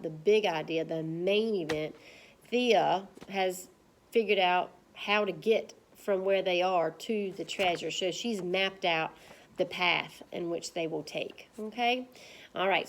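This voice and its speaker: A woman's voice: lowish voice, slight background noise. Woman teacher chatting through a lesson. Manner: conversational, with frequent fillers. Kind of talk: read-aloud lesson.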